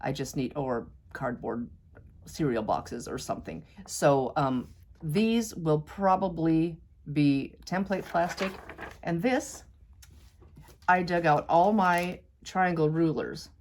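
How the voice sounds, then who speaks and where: Low-voiced woman chatting while quilting. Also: slow, a little mellow. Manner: chatty, self-doubting, talks to viewers as "you guys". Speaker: quilting vlogger. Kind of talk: casual talk-along while sewing.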